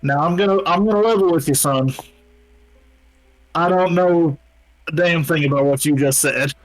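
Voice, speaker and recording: A man voicing a gruff frontier cowboy who drawls in country slang. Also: a little high, a little slow, close to an everyday voice, poor audio. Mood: folksy. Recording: faint music behind.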